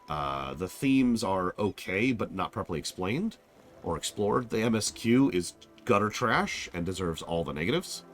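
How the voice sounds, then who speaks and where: A man with a lowish voice gives casual stream commentary as a game reviewer. He's blunt and sarcastic, acting out scenes with theatrical flair.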